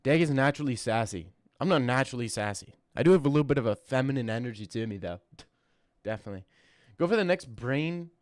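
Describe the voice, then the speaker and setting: A young man hosting a casual livestream Q&A, joking and reading chat aloud with quick asides. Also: medium pitch, lively intonation, no echo, studio quality. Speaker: streamer host.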